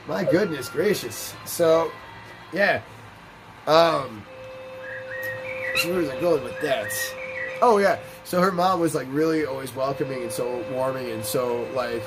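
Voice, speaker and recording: Over game music, a let's play host rambles through a long, profane personal story while playing, full of animated anecdotes in casual commentary. His voice is medium-pitched at normal speed, and the audio is poor.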